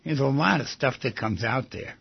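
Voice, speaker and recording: Gravelly husky man hosting radio talk. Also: mid-range voice, moderate pace, no room sound, highs cut off. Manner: rambling, conversational, repeats phrases. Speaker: radio show host and psychotherapist. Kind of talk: radio talk show monologue.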